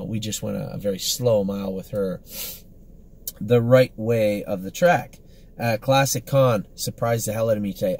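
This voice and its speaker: A horse trainer talks through his horses in a casual, rambling way, upbeat and full of fillers and self-corrections. The man's voice sits low. A faint hiss runs under the recording. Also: creaky, darkish tone. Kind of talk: casual spoken training report.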